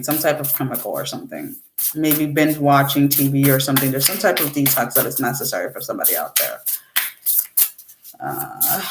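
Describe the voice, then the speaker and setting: A woman's voice: sits low, roomy sound, noisy background. A woman giving a casual tarot reading, rambling and correcting herself as she talks to her viewers. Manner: rambling, self-correcting, chatty. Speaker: tarot reader.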